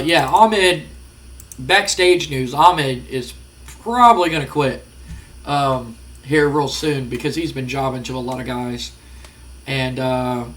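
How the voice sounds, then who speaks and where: Casual man rambling over a game. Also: medium pitch. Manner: rambling, casual, many fillers. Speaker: gaming channel host. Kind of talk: let's-play commentary.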